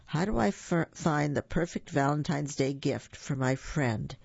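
A storyteller voicing a hopeful young bear, pitched up and eager. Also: measured pace, creaky, slightly rough, no room sound, highs cut off, full character voice.

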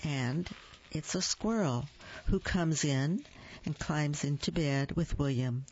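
A woman reading picture books aloud to children, slow and gentle, asking her listeners questions. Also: low voice, slight background noise. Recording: dull lo-fi dry recording.

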